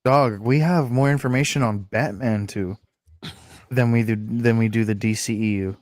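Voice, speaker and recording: A man's voice: mid-range voice, fairly even intonation, moderate pace, no room sound, clean studio sound. A man co-hosting a casual podcast chat, blunt and emphatic, with plenty of swearing. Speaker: podcast co-host.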